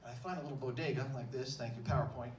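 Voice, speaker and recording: A man telling a comic story on stage in an animated, breathless, exclamatory way. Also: mid-range voice, rapid-fire. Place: stage in a large room. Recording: echoey stage from far off, faint room ambience.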